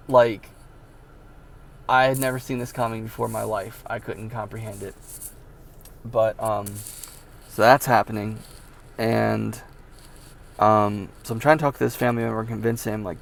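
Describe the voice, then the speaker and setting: A man's voice: mid-range voice, moderate pace, gravelly, slight background noise. A man telling a personal story in a casual, rambling way, with many fillers and sudden bursts of disbelief. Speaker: vlogger telling his life story.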